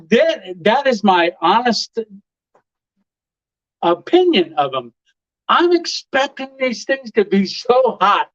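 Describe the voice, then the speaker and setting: A middle-aged man with a high-sitting voice and dull-sounding audio hosts a laid-back live stream. He tells meandering stories packed with "uh" and chuckles.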